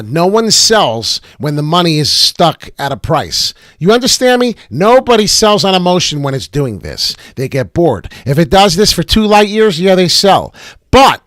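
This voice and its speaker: A man's voice: on the high side, fairly bright tone, no echo, clean studio sound. A man hosting a casual livestream about crypto charts, brash and profane, tossing out rhymes and hype as he talks. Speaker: crypto chart analyst and show host. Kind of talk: casual livestream market commentary.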